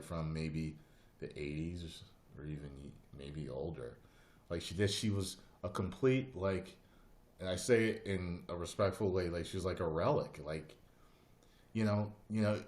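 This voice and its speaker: Brief: a low-voiced male streamer, loose and conversational, wanders through stories. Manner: rambling anecdotal storytelling. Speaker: host. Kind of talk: casual live-stream chat.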